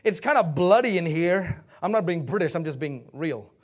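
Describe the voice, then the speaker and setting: A man preaching a sermon, swinging from shouted peaks down to hushed, quiet passages. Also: on the high side, expressive, normal speed. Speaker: pastor.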